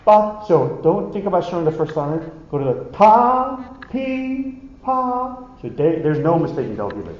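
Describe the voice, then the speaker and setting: A man's voice: on the high side, very animated, a little fast, hardly any pauses. A man coaching a conducting student in rehearsal, counting and singing rhythms aloud and calling out cues. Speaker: conducting teacher. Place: large echoey rehearsal hall. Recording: roomy hall sound, slightly dull. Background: orchestra playing.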